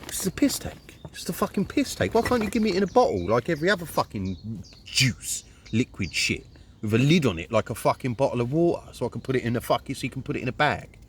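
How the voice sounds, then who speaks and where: A Luton-accented man from Luton, England, rants indignantly and at length, swearing nonstop. His mid-range voice is sing-song and quick, with a little hiss or hum.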